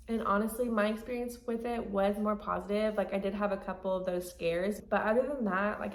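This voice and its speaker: Young woman vlogging, chatty, says like a lot, laughs mid sentence, echoey room. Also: medium pitch. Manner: chatty, lots of "like", laughs as she talks. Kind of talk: casual storytelling vlog.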